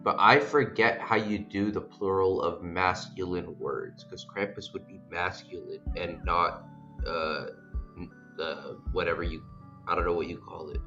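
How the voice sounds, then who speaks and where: A man co-hosting a casual podcast, teasing and animated in his banter. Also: low-pitched, unhurried, dull audio, faint music behind. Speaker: podcast co-host. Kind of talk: casual chat.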